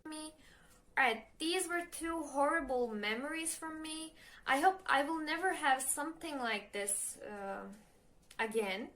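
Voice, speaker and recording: A young woman with a Turkish accent, a Turkish native speaker, chatting nervously in a casual advice vlog, halting with many fillers and self-corrections. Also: sits high, expressive, a bit bright. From Turkey. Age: young adult. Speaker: language learner vlogger.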